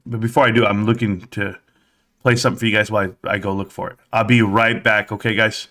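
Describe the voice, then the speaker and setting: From his desk at home, a man hosts a live stream, rambling casually and addressing his viewers directly with quick bursts of excitement. His pitch is fairly low.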